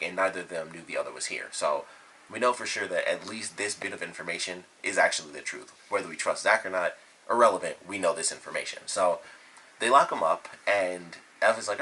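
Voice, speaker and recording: A man's voice: low-pitched, bright, forceful tone, husky, low-quality recording. A man giving a casual, rambling spoken review of a TV episode, retelling scenes with lots of fillers. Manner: rambling, enthusiastic, loose retelling with many fillers.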